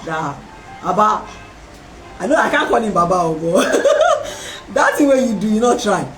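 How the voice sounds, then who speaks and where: A woman's voice: medium pitch, a little slow, faint music behind. Lady storytelling, voice bouncing all over, laughs a lot, roomy sound a bit far from the mic. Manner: animated, acts out voices in her story, laughs often. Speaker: host. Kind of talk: personal storytelling.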